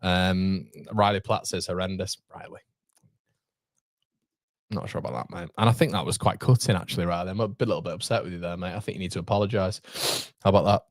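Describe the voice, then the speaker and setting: Chatty football fan host. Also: male voice, low-pitched, fast, dry recording. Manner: chatty, excitable, talks straight to viewers. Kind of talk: live match watchalong commentary.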